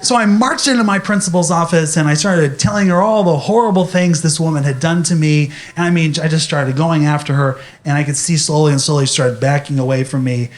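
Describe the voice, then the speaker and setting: A man's voice: a little high, fairly quick, hardly any pauses. A young man speaking animatedly to an audience, telling a personal story in a motivational talk.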